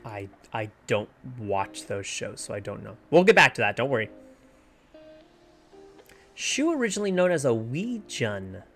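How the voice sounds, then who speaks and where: Streamer muttering through puzzle clues, mid-pitch voice, faint music behind. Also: big pitch swings, measured pace, pauses often, a bit bright. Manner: muses over word clues, trails off with "I don't know". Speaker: livestreamer playing a puzzle game. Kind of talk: casual thinking aloud while solving puzzles.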